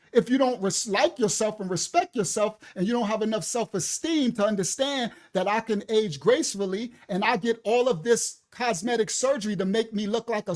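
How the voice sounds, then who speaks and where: A minister preaching to a live audience, sternly scolding a commenter. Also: male voice, sits high, darkish tone. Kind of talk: livestreamed preaching.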